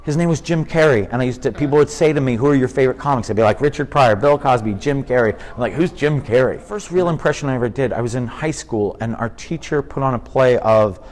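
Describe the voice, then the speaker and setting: Animated middle-aged comedian telling stories. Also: male voice, mid-range voice, quick pace, hardly any pauses. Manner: animated storyteller, drops into impressions. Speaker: comedian guest. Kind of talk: casual interview chat.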